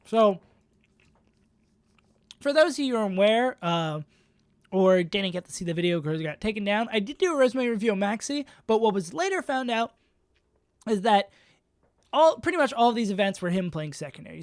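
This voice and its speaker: A man's voice: sits high, dry recording, studio quality. A man streaming live, casually talking through player rankings in a rambling, self-mocking way. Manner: rambling, self-mocking, many fillers and restarts.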